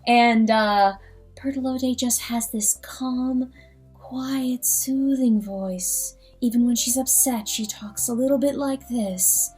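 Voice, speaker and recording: Eager, bright-voiced woman talking casually. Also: on the high side, slow pace, husky, soft background music. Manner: enthusiastic, animated. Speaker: audiobook reader and channel host. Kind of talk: casual ad-libbed talk.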